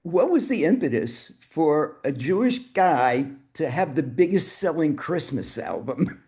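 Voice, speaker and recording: A man hosting an interview, asking unhurried questions and laughing along with his guest. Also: a little high, sing-song, a little mellow. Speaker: interviewer, host. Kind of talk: casual interview.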